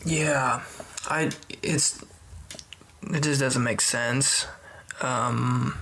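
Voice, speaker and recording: A man's voice: mid-range voice, fairly even intonation, drawn-out words, vocal fry, bright, forceful tone, slightly rough. Hesitant man, dry-humored podcast co-host. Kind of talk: casual chat.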